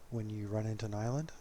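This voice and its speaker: A man giving relaxed, casual commentary over his own gameplay footage, chuckling often and poking fun at himself. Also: lowish voice, a little hiss or hum.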